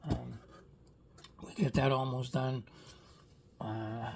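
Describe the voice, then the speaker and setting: A man's voice: mid-range voice, little pitch movement, slow pace, vocal fry, slight background noise. A man from Boston with a Boston accent, chatting casually and rambling in a vlog. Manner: rambling, chatty, frequent "you know what I mean". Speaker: toy car customizer vlogger.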